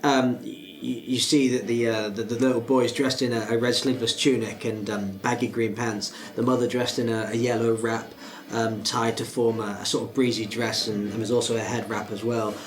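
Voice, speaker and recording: A man's voice: mid-range voice, little pitch movement, brisk, hardly any pauses. A man narrating a tabletop game as game master, hesitant with many restarts.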